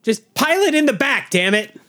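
Exasperated high-voiced man ranting. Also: very animated, moderate pace, pushed and bright. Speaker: podcast co-host. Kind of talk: casual movie-review chat.

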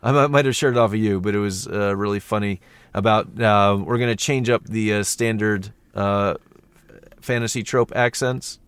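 A man with a somewhat low voice chats on a casual podcast. He speaks haltingly, with frequent ums and uhs. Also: steady tone, a bit bright, clean tone, dry recording. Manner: halting, many fillers. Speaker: podcast co-host. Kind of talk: casual chat.

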